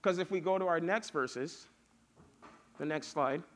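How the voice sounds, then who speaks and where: Young male preacher, casual youth-sermon delivery, slightly higher voice, builds emphatic lists. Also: unhurried. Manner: casual, storytelling, builds lists with rising force.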